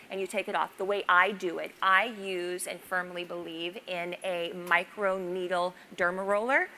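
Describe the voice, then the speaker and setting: A woman's voice: fairly low pitch, pushed and bright, a little hiss or hum. A woman speaking casually and enthusiastically as a panelist at a live beauty event, with lots of "like" fillers.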